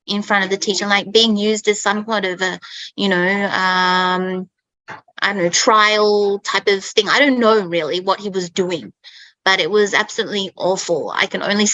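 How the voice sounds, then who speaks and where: Bright-voiced chatty Australian woman. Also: mid-range voice, steady tone, measured pace, dry recording, low-quality recording. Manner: chatty, fills speech with "okay" and "like". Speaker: guest speaker for English learners. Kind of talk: casual chat, storytelling.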